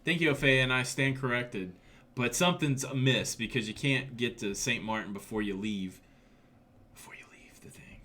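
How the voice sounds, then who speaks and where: Bright-voiced joking livestream host man. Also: medium pitch, normal speed. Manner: joking, reads viewer comments aloud. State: slight chest cough. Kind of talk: casual live-stream chat.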